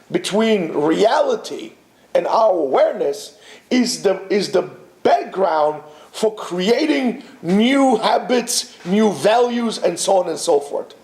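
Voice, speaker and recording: High-pitched, gravelly man teaching a class. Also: roomy sound. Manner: animated, rhetorical questions, many restarts. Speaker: yeshiva teacher. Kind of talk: Torah class lecture. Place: classroom with students.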